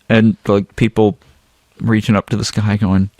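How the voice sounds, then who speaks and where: A man hosting a casual podcast, reading a listener's email aloud in a relaxed, rambling way. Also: lowish voice, moderate pace, no echo, clean studio sound. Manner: relaxed, rambling, with some filler words. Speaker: podcast host.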